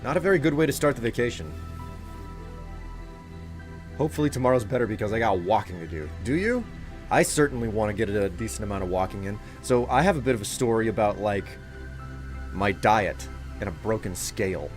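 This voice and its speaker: Over background game music, a live-streaming gamer rambles casually and thinks aloud while he plays. His lowish voice is expressive, and he speaks a little fast, broken up by long pauses.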